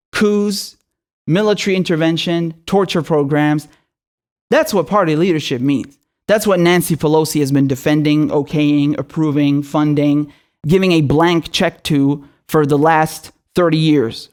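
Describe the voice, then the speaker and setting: A man's voice: fairly high pitch, fairly even intonation, unhurried, a little mellow. A man from Syria delivers an angry political rant as host of his own show. He is profane and sarcastic throughout, and full of fury. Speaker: political commentator.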